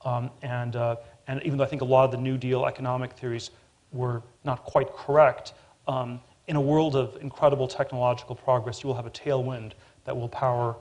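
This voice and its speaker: Halting man with many restarts. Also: mid-range voice, little pitch movement, darkish tone. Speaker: panel guest. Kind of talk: public forum discussion.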